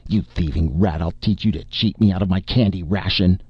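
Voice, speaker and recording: Man voicing a desperate raving young man, shrieking, husky, dry sound. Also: sits low, brisk, dry recording. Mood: furious. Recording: muffled lo-fi recording.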